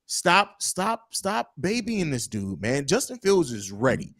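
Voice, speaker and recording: A man's voice: a little high, very animated, slow, fairly bright tone, no echo, clean studio sound. A man hosting a sports podcast, losing his voice and ranting with passion and repetition. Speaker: podcast host. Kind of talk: heated sports podcast talk.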